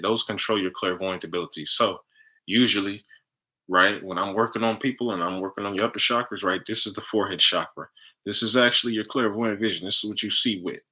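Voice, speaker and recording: Deep-voiced man pitching energy healing. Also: sharp tone. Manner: chatty, tags nearly every phrase with "right?". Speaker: spiritual healer and content creator. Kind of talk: casual promotional monologue.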